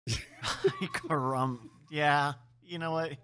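A man's voice: fairly high pitch, very slow, pushed and bright, clean tone. A man co-hosting a comedy podcast, chiming in with teasing quips. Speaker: podcast co-host. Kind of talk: casual comedic chat.

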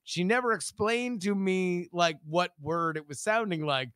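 A man telling a childhood story in casual comedic chat, building it up slowly and hesitantly. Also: high voice, a bit bright, no room sound, studio quality.

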